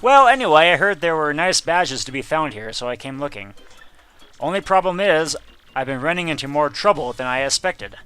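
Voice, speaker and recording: A man's voice: fairly high pitch, animated, moderate pace, bright, forceful tone, clear, resonant tone, soft background music. A man voicing a teasing, flirtatious female mouse thief in a video game. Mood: flirty.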